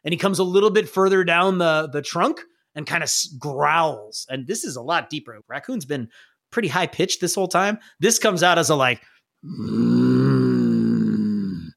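Running a tabletop game, this game master narrates playfully and laughs readily. His voice is high for a man, swings widely in pitch, and comes across animated, brisk, and slightly bright.

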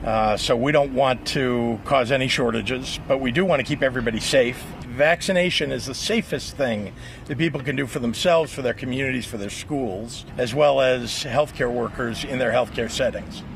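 A man, a governor, giving official public remarks in a measured, earnest way. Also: medium pitch, creaky, slight background noise.

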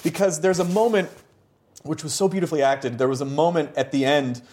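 A man's voice: a little high, a little fast, darkish tone. An American man hosting a podcast, enthusiastic and rambling, with many restarts. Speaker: podcast host. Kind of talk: casual interview chat.

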